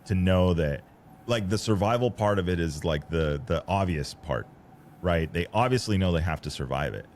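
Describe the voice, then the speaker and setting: Man, low pitch, podcast host, casual talk, thinks aloud. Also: lively intonation, moderate pace, a little mellow, slight background noise. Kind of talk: casual conversation.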